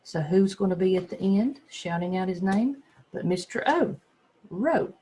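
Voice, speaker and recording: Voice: medium pitch, animated, normal speed, darkish tone. A second grade teacher giving a phonics lesson to young children, patiently sounding out words and spelling letters one by one.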